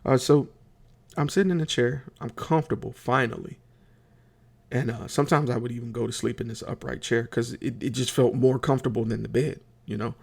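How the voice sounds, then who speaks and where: A man with a mid-range, darkish, slightly rough voice and noticeable vocal fry hosts a podcast. He relates a humorous tale conversationally, rambling with lots of fillers and do-overs while speaking right to his listeners.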